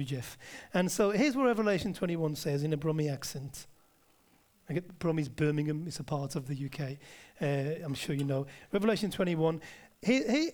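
A man preaching a sermon, emphatic and conversational, with asides to the congregation and key words dropped to a near-whisper. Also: sits high.

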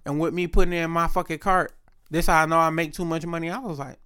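A man's voice: on the high side, steady tone, fast, sharp tone, clear, resonant tone. A man talking in a casual monologue, rambling, profane and often interrupting himself.

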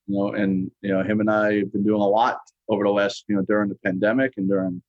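This is a musician guest from New York, talking from his home studio over a call. His voice is fairly low, and the sound is dry and a bit dull and lo-fi. He rambles easily, filling nearly every pause with "you know" and "um". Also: flat delivery, no echo. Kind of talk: casual interview chat.

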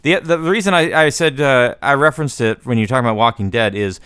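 A man in a casual movie podcast chat with a smooth, resonant voice. His delivery is emphatic and animated, and his pitch jumps up when he gets into a point. He sits at middle pitch for a man. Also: quick pace, dry recording, clean studio sound. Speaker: podcast co-host.

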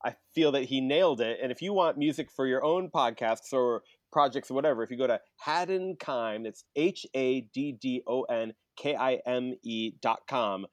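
A man's voice: medium pitch, moderate pace, few pauses, no room sound. Dry-voiced male podcast co-host. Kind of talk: casual podcast chat.

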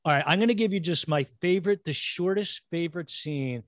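A man's voice: a little high, fairly quick, no echo, clean studio sound. A man hosting a podcast, chatting animatedly about a movie and sharing fun facts. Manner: animated, laughs, mimics characters. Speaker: podcast host. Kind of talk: casual film discussion.

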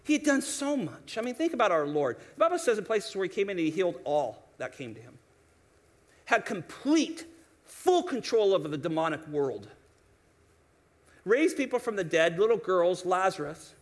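A man preaching a sermon, animated, acting out quoted voices, often restarting his sentences. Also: high voice, moderate pace. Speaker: pastor.

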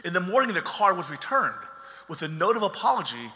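A man's voice: high voice, sing-song, brisk, pushed and bright, big-room sound, a little hiss or hum. A man preaching a sermon as pastor, talking in a conversational way and joking with the congregation.

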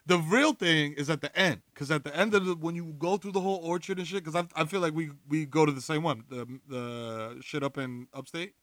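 A man with a New York accent from the Bronx, bantering loudly with slang and laughter in a casual chat. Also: fairly high pitch, brisk, few pauses, no room sound. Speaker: podcast co-host.

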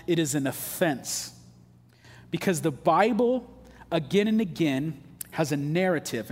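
A man's voice: fairly high pitch, darkish tone. Man preaching, casual and emphatic. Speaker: pastor. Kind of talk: sermon. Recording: long hall reverb.

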